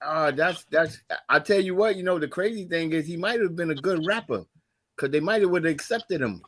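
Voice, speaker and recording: Animated man reacting in a podcast chat. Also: a little high, brisk, no room sound, studio quality. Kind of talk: casual sports podcast chat.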